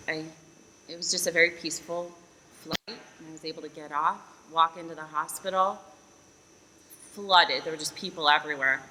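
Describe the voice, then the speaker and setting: A woman's voice: on the low side, sharp tone. A young woman recounting her family story in an interview, candid and given to laughing. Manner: candid, laughs while acting out her past outbursts. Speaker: sister sharing a testimony. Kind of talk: emotional testimony interview. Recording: echoing reverb with faint ambient hiss.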